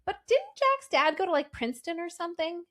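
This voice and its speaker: A woman's voice: extremely high pitch, sing-song, brisk, bright, forceful tone. A woman in her forties co-hosting a casual podcast chat, recapping in a chatty way and using "like" as filler throughout. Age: 40s. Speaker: podcast co-host.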